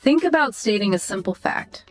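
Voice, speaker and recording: A woman's voice: medium pitch, expressive, normal speed. A woman co-hosting an educational podcast, explaining and demonstrating example sentences. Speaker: podcast co-host explaining intonation. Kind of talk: scripted educational podcast chat.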